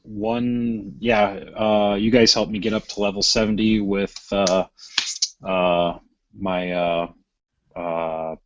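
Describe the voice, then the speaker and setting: A man chatting on a podcast in a halting way, full of "uh"s and restarts. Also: fairly low pitch, level tone. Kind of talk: casual chat. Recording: dry, dull lo-fi audio.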